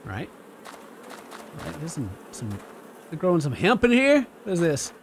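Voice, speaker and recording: Excitable high-voiced male gamer. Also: unhurried, vocal fry, a little hiss or hum. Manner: excitable, jokey, sudden loud outbursts. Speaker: gaming YouTuber. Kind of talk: let's play commentary.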